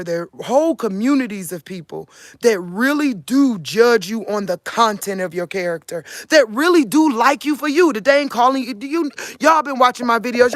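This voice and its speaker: A vlogger in her forties from Cleveland, Ohio, talks earnestly to her viewers in a casual monologue, drawling in a country Midwestern way and repeatedly asking "you get what I'm saying?" Her voice is on the high side, with no room sound.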